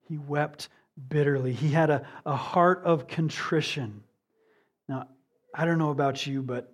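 A man preaching a sermon in an earnest manner, asking rhetorical questions and moving between emphatic and hushed delivery. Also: mid-range voice, a little slow, breathy edge. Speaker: pastor.

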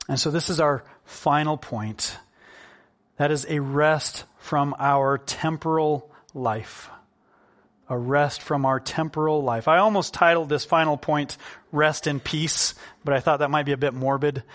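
A man preaching a sermon in an earnest, conversational way, slowing down to stress key points. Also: a little high. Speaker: pastor.

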